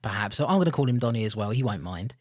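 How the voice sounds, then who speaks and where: A British man co-hosting a film podcast, chatting casually, animated and jokey, laughing often. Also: lowish voice, rapid-fire, dry recording. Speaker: podcast co-host.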